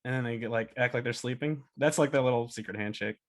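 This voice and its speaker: A man giving a casual talk as a storyboard artist, chatty and animated, acting out cartoon pitches. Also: fast talker. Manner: animated, chatty, many fillers and laughs.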